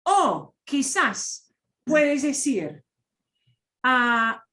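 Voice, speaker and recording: A woman's voice: on the high side, sing-song, drawn-out words, pushed and bright. A middle-aged woman teaching Spanish, patiently explaining and switching between Spanish and English. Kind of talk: online language lesson.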